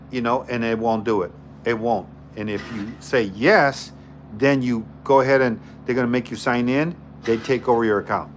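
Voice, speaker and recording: A man's voice: medium pitch, a bit bright, a little hiss or hum. A man hosting a casual live stream on his phone, chatting with viewers, greeting them by name, and repeating himself as he goes. He says he is tired.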